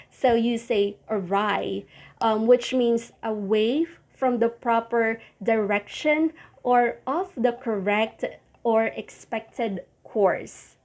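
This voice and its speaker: A woman teaching English pronunciation, saying each word slowly and repeating it, often correcting herself as she goes. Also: fairly high pitch, a little mellow. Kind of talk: casual teaching.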